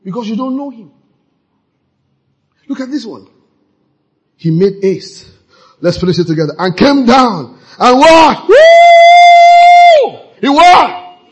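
A man preaching a sermon in church, calling out to the congregation and breaking into fervent shouts. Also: very high-pitched, big pitch swings, measured pace, long pauses. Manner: fervent preaching with call-and-response, bursting into shouts. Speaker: pastor. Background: congregation responding.

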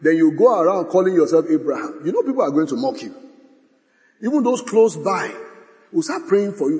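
A man preaching a sermon, swinging from bold declarations to hushed asides and reciting scripture. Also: fairly high pitch, big pitch swings, a little fast. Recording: long hall reverb.

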